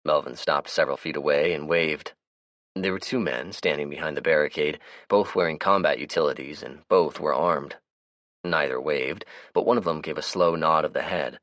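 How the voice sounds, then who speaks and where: Deep male narrator, steady audiobook reading, dry close sound. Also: normal speed, dry recording, lo-fi sound. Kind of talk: scripted narration.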